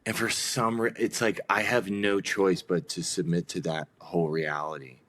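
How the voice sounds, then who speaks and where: A man's voice: sits low, moderate pace. A man talking as a guest on a podcast, rambling casually with lots of fillers and acted-out quotes. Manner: rambling, animated, many fillers. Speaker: guest, band vocalist.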